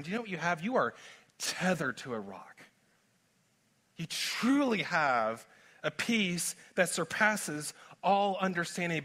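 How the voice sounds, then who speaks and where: A male pastor preaching a sermon in an animated, conversational way, mixing in self-deprecating humor. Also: fairly high pitch.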